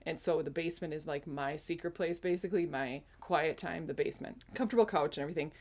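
A woman's voice: low-pitched, fast, a little mellow. A woman in her forties telling a casual personal testimony, rambling with frequent self-corrections. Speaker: speaker sharing a spiritual testimony.

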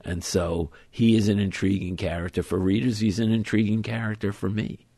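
Deep-voiced man, measured interview talk. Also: flat delivery, mellow, husky, no room sound. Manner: thoughtful, measured, explains at length. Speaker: author being interviewed. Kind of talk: conversational interview.

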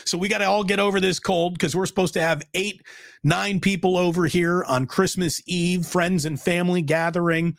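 Emphatic middle-aged sports talk host. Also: male voice, high-pitched, steady tone, moderate pace, gravelly, no echo, studio quality. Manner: emphatic, blunt, repeats himself.

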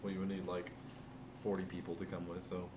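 Low-voiced young man, distant and noisy. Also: completely flat delivery, a little fast, echoey room. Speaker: podcast co-host. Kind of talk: casual chat. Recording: noisy, set back from the mic.

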